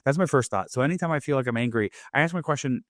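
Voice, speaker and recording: A man in a middle register hosts his own podcast in a relaxed, rambling monologue. He keeps dropping "like" and "right?" as he goes. The recording is dry, with no room echo. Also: mid-range voice, rapid-fire. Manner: loose, chatty, leans on "like" and "right?". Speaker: podcast host. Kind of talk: casual motivational monologue.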